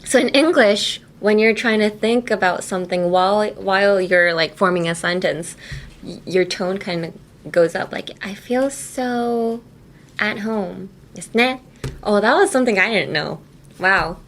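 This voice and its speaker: A woman's voice: medium pitch, normal speed, a bit bright, slight background noise. Brief: woman host, chatty and giggly English-pronunciation teacher, studio mic. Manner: chatty and giggly, many "like" fillers. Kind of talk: casual teaching chat. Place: radio station studio.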